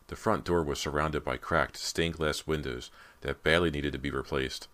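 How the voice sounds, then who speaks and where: A man narrating an audiobook in a measured, ominous way. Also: extremely low pitch, steady tone, a bit bright. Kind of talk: scripted narration.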